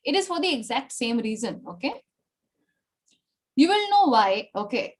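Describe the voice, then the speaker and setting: This woman, from India, teaches Spanish online in a high voice with big pitch swings and a moderate pace. Patient in her explanations, she checks in with "okay?" and "right?" after nearly every sentence.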